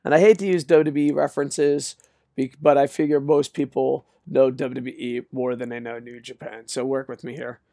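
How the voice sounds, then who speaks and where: A man's voice: mid-range voice, little pitch movement, normal speed, warm tone, no room sound. Exasperated man ranting, dry close sound. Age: older. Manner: exasperated, profane, sarcastic rant. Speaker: wrestling commentator. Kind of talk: ranting solo video.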